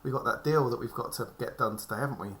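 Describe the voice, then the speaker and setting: A man's voice: medium pitch, fast talker, a bit bright, natural voice. A man voicing Kara, a scheming female spacefarer, in a breezy, conspiratorial tabletop role-play.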